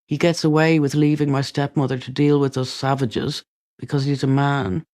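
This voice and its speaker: A man reading a memoir aloud, calm, even and unhurried, on a close studio mic. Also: medium pitch, no echo. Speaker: audiobook reader.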